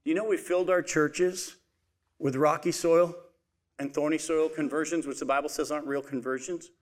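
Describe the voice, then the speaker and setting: A man's voice: fairly high pitch, fairly even intonation, moderate pace. A man preaching a sermon, asking his listeners questions and then answering them himself, and calling them folks.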